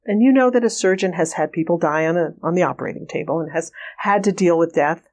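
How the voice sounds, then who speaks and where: A woman guest in a conversational interview, telling anecdotes with lively quoted dialogue and frequent laughter. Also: mid-range voice. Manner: animated storyteller, acts out quoted dialogue, laughs often. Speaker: remote viewing trainer, guest.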